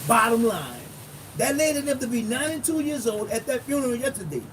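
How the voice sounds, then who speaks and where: High-voiced blunt preacher man, far off. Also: sing-song, brisk. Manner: emphatic, repetitive, blunt street-style preaching. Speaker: pastor. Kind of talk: informal sermon recap. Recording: distant mic with noisy background.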